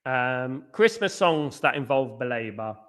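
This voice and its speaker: A man's voice: medium pitch, lively intonation, a little slow, a bit bright. A man hosting a live football watchalong stream. He chats casually with viewers and keeps singing playful chant parodies.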